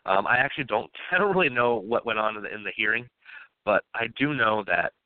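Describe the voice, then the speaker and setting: A man's voice: lowish voice, lively intonation, a little fast, no echo. A man hosting a podcast, retelling news in a loose, profane way and laughing as he goes. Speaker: podcast host. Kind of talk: casual podcast chat. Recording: tinny phone-like sound.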